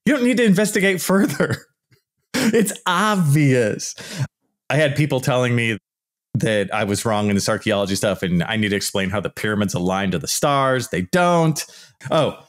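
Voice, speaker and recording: A man's voice: medium pitch, expressive, moderate pace. A man hosting a podcast, talking casually in an exasperated, emphatic and blunt way, with some swearing. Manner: mocks opponents in put-on voices. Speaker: podcast host. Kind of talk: casual ranting monologue.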